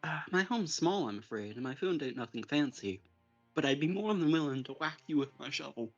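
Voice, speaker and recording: A woman's voice: deep voice, expressive, brisk. Woman doing a shy village girl hostess, hesitant, homely, polite, dull-sounding recording, faint music. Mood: bashful, welcoming. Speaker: co-player voicing a character.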